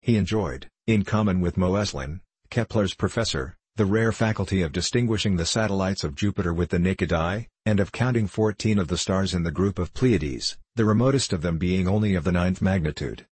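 A man reading a classic adventure novel aloud as a narrator, in a measured, formal storytelling delivery. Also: low-pitched, darkish tone, slightly rough, dry recording. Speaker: audiobook narrator. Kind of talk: scripted narration.

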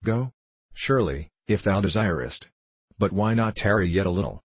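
A man's voice: fairly low pitch, expressive, husky, no echo. A man voicing an aging, stern king who speaks tenderly in archaic courtly English. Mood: gentle, coaxing. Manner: archaic courtly speech, gentle and slow. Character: dread old king, stern yet tender.

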